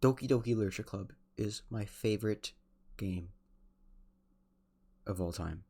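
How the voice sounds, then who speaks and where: A man's voice: lowish voice, normal speed, husky. A young man giving casual, emotional let's-play commentary, swearing and restarting his sentences. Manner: excitable and emotional, swears often, trails off and restarts. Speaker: gaming streamer.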